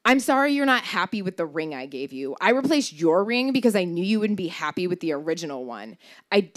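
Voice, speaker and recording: A woman's voice: lowish voice, big pitch swings, brisk. A woman storyteller reading out an apologetic, evasive email from a young ex-boyfriend, lightly in his voice. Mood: sheepish.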